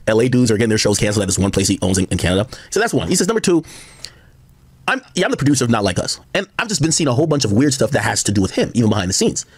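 A man giving rambling, excitable live-stream commentary, full of asides and quoted conversations. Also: mid-range voice, breathy edge, no room sound. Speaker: livestream commentator.

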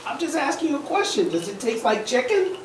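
A man's voice: very high voice, sing-song, brisk, reverberant, far from the mic, very noisy, voice pushed up. A man voicing a curious, pestering duckling in a picture book, asking innocent, nagging questions.

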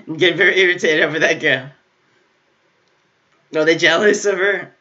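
A man hosting an anime reaction video, excitable and laughing as he talks back to the screen in casual commentary. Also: a little high, normal speed, highs cut off. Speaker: anime reaction channel host.

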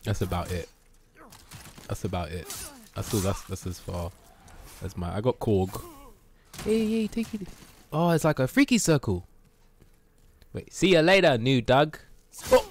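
A man streaming a video game live, chatting casually, swearing, shouting at the game and teasing his cat. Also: mid-range voice, sing-song, measured pace, long pauses, a little hiss or hum.

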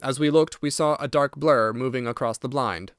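A man narrating a classic detective audiobook in a steady, unhurried reading. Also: mid-range voice, smooth, no room sound, clean studio sound. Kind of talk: scripted narration.

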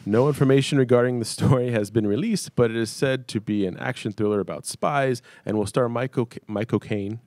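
A man's voice: mid-range voice, a little fast, few pauses, darkish tone, dry recording. A man guesting on a casual podcast, blunt and sarcastic. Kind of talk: casual chat.

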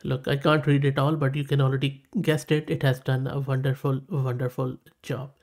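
In this casual tech tutorial recorded from his screen, a male host with a South Asian English accent reads out results and heaps on repeated praise in a friendly, enthusiastic way. His medium-pitched voice is a little mellow, delivered flatly at a moderate pace.

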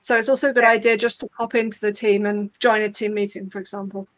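A woman on a panel walking through practical steps in a clear, conversational way. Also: mid-range voice, little pitch movement, fast talker, dry recording. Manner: clear, practical, step-by-step explaining. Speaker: open source community leader.

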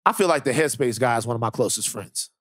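A male co-host chatting casually, animated and full of jokes. His voice sits mid-range and he rambles through restarts. The recording is dry and close. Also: medium pitch, fast talker, no room sound. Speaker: podcast co-host. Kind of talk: casual chat.

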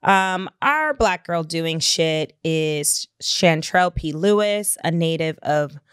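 A woman co-hosting a podcast in casual chat, playful and quick to laugh. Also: deep voice, lively intonation, clear, resonant tone, no room sound, studio quality. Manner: chatty, playful, laughs often. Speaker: podcast co-host.

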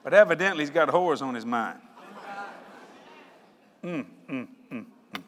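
A male preacher giving a sermon in an animated, joking way, often breaking into shouts. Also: fairly high pitch, a little slow, long reverb tail, some chatter behind, slight background noise.

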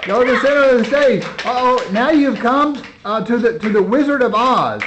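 High-voiced man coaxing kids through a play. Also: animated, normal speed. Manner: coaxing, encouraging, repeating praise. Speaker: director and narrator of a children's home play. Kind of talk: coaching children through a rehearsal while filming. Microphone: handheld camera mic. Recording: slightly dull lo-fi camera audio with faint noise.

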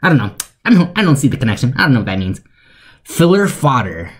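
A young man giving deadpan, sarcastic commentary for a joke video, rambling with fillers. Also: medium pitch, very fast, breathy edge. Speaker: YouTuber.

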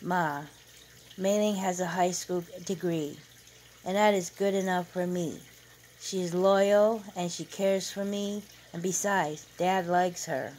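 A calm, dutiful grown son answering his mother patiently, his words measured and low, voiced by a woman reader. Faint noise hums underneath. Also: low-quality recording.

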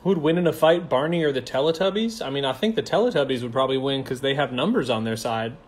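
A man's voice: mid-range voice, animated, quick pace. A young man casually chatting on a phone livestream, reading comments aloud in a playful, campy, slangy way. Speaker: stage actor hosting a livestream.

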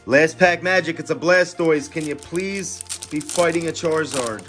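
A man's voice: a little high, normal speed, fairly bright tone, faint music behind. A man hosting a casual card-unboxing vlog, talking eagerly and chatting straight to his viewers. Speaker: card-opening channel host.

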